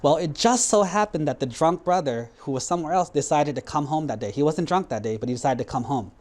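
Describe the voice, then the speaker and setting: A man's voice: on the high side, fast talker, darkish tone. Casual storytelling monk, a man. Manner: casual, conversational storytelling with fillers. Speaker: Buddhist monk. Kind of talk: storytelling sermon for kids.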